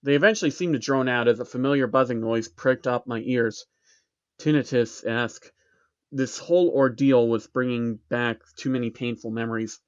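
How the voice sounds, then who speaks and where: A man's voice: mid-range voice, steady tone, normal speed, smooth. A man narrating a first-person horror story in a tense, dramatic storytelling voice. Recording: dull recording with background music.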